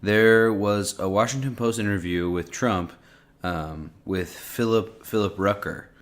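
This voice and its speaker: A man with a low voice co-hosting a casual podcast. He rambles loosely, full of likes and restarts, and his lines fade out quietly at the ends. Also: a little slow. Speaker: podcast co-host.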